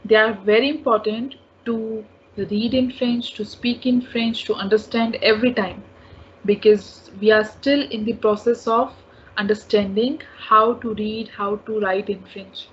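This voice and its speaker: A woman's voice: on the high side, fairly even intonation, measured pace. A woman teaching a French lesson, patiently repeating each word and sound several times. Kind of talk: slow spoken language lesson. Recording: dull lo-fi audio with faint ambient noise.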